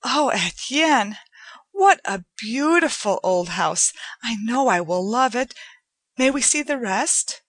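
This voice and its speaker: A woman reading aloud, voicing an eager young woman who gushes with excitement. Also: fairly high pitch, unhurried, dry recording, studio quality. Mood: excited. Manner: bright, excited, breathless questions.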